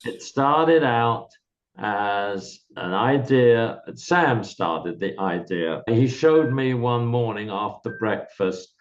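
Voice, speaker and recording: Older man explaining things in a measured way. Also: medium pitch, lively intonation. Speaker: guest, software founder. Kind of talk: candid reminiscing interview. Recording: slightly dull lo-fi recording.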